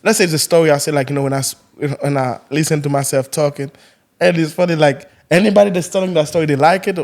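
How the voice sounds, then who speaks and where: A man's voice: on the high side, a little mellow. A man with a Haitian accent hosting a podcast, speaking in easygoing casual chat with many restarts. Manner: halting, restarts a lot, easygoing. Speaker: podcast host.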